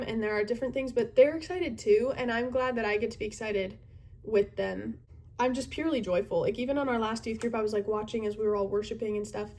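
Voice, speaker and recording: A woman in her twenties talks casually to camera about her life, earnest and reflective, often reaching for words with fillers along the way. Her voice sits a little higher than most women's. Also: a little mellow. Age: 20s. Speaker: youth group leader.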